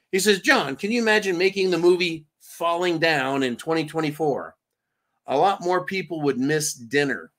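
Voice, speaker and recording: A man's voice: fairly high pitch, fairly bright tone. A man hosting a livestream, reading viewer comments and mocking the news in a sarcastic, casual way with many fillers. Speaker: livestream host.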